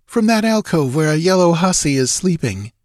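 A man's voice: on the high side, lively intonation, moderate pace, darkish tone, no room sound, studio quality, voice pushed up, lightly acted. A male narrator voicing a frightened young woman refugee in a nervous, pleading tone in an audiobook. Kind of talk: audiobook character voice.

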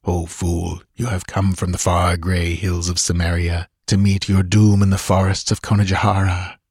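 A mocking evil spirit speaks from a column of green fire, as a man puts it on, its human voice threaded with something inhuman. It taunts in a low, cold tone, in an audiobook with dry, close sound. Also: little pitch movement, normal speed, darkish tone, slightly rough, no room sound. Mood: menacing. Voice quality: human voice with strange inhuman vibrations.

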